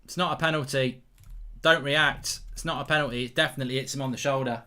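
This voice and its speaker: A man in his thirties hosting a football watchalong, reading viewer messages aloud and commentating the match as it happens, getting loud and excited in big moments. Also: mid-range voice, quick pace. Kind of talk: live match commentary and chat.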